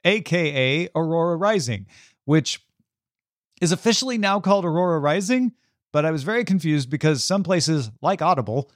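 A man's voice: on the high side, expressive, normal speed, dry recording. An American man co-hosting a podcast in casual chat, with a dry, matter-of-fact manner. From United States. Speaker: podcast co-host.

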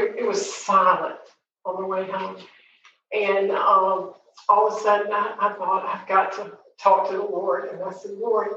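Woman giving a halting faith testimony, echoey. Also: medium pitch, a little hiss or hum. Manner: halting, with frequent pauses and fillers; earnest and tender. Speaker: grieving mother giving testimony. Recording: very echoey, distant, dull recording.

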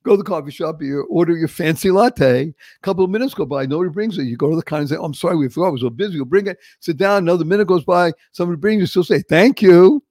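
Boston-accented male host, theatrical and emphatic, fairly high-pitched, dry booth. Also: racing, hardly any pauses, a little mellow, no room sound. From Boston, Massachusetts. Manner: emphatic, theatrical, acts out little scenes. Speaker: podcast host. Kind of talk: enthusiastic interview introduction.

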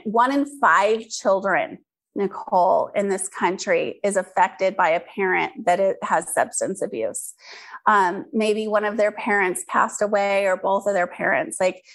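A woman from California, an interview guest and business founder, telling her life story candidly and earnestly, with frequent ums and restarts. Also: mid-range voice. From California, USA.

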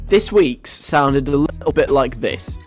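A man's voice: medium pitch, expressive, measured pace, soft background music. A man hosting a radio show in a playful, rambling way, chuckling as he goes. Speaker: radio host. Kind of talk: casual radio chat.

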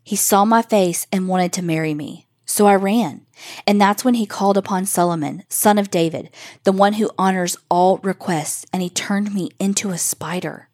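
A woman voicing a girl turned into a giant spider, speaking softly and gently in a near whisper. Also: mid-range voice, moderate pace, no echo, studio quality, close to an everyday voice. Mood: pleading.

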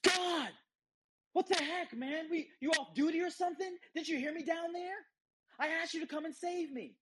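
A man's voice: very high-pitched, moderate pace, background noise, pitched above the performer's own voice. A man doing a desperate drowning surfer. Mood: indignant. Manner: pleading, frantic.

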